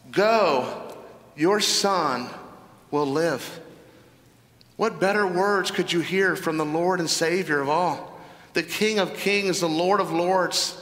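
Southern pastor guy preaching, high bright voice, lots of questions thrown at the crowd. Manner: emphatic, asks the congregation rhetorical questions. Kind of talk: sermon. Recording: echoey hall reverb.

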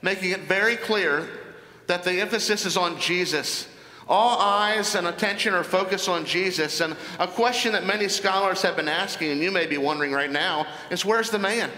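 A man preaching in a church, slowing down to stress key words as he walks through a Bible passage. His voice is high and bright, and it rings out into a large hall with a long, echoing reverb. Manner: deliberate, emphatic Bible exposition. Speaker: pastor. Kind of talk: sermon.

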